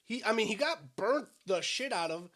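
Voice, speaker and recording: A man's voice: high voice, big pitch swings, normal speed, fairly bright tone. A man co-hosting a casual eating podcast, chatty and hedging with fillers as he talks. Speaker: podcast co-host. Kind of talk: casual chat while eating.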